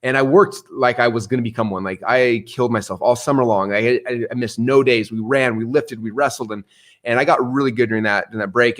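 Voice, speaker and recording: A middle-aged man telling stories in an interview, energetic and animated, acting out the voices he quotes. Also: mid-range voice. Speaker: guest. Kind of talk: storytelling interview answer.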